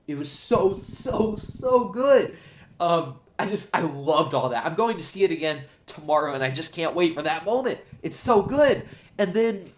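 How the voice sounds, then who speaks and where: A man hosting his own show, giving an excited, gushing solo movie review. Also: fairly high pitch, normal speed. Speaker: show host, film reviewer.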